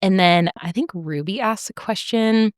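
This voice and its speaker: A woman's voice: mid-range voice, a little slow, no echo, clean studio sound. A woman co-hosting a podcast, casually retelling a TV plot, acting out lines and laughing often. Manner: animated storytelling, acts out characters' lines, laughs often, swears. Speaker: podcast co-host. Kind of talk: casual chat recapping a show.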